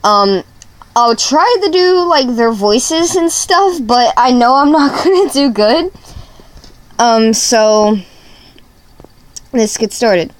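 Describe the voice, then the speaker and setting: A woman's voice: fairly high pitch, expressive, slow, pauses often, no room sound. A tired woman casually reading fan fiction aloud, rambling and breaking off into asides. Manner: rambling, sleepy, self-interrupting asides. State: sleep-deprived. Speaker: fanfic reader.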